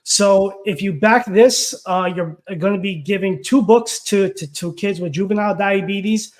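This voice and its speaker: A man co-hosting a live stream, talking in an excited, rambling way full of fillers. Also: sits high, measured pace. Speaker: co-host. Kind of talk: casual chat.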